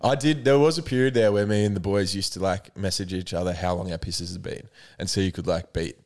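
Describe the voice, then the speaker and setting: A man's voice: sits low, fairly even intonation, brisk, a little mellow. Young guy, podcast host, blunt and jokey, laughs a lot through crude banter. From Australia. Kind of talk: casual chat.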